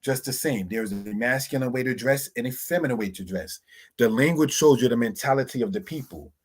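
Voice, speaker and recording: A man teaching Hebrew words from slides, slowly spelling out terms and often calling his listeners brothers and sisters. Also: medium pitch, lively intonation, slightly rough. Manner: slow, deliberate spelling-out of words.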